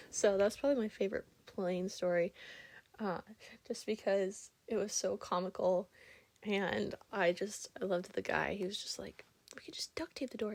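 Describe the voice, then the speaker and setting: A woman's voice: mid-range voice, a little mellow, no room sound. Rambling, chatty young woman vlogger. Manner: rambling, chatty, with many fillers and giggles. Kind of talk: casual storytelling vlog.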